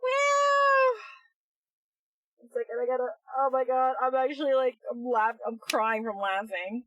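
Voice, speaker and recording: Giggly high-voiced woman streamer. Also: little pitch movement, a little fast, far from the mic, dull audio. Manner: giggly, self-mocking, cheering loudly at the screen. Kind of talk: casual live-stream commentary. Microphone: headphones on, desk mic.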